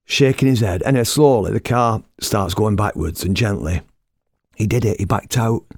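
A middle-aged man telling a story in a lively, blunt, self-mocking way, as a radio presenter. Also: fairly low pitch, normal speed, creaky, no echo, studio quality. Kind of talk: casual anecdotal storytelling.

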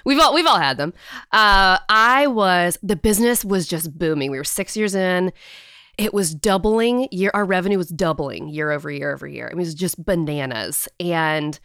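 A woman in her thirties, a guest on a podcast, telling a story in a chatty, animated way with lots of "like". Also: on the low side, moderate pace, clear, resonant tone, no echo, clean studio sound. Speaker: guest, company CEO. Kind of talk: casual storytelling in a podcast interview.

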